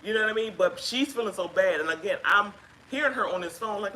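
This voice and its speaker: A woman casually telling a personal story on a live stream, chatty and halting with fillers, acting out what others said. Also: medium pitch, sharp tone, slight background noise, rough recording. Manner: chatty, halting with fillers, acts out quoted speech. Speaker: guest sharing her story.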